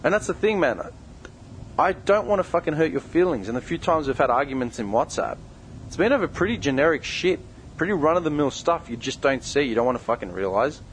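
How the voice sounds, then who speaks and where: A man's voice: fairly high pitch, animated, fairly quick, rough recording. Man, young adult, angry rant, heavy swearing, confrontational, faint noise behind. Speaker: podcast co-host. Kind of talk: angry direct-address rant.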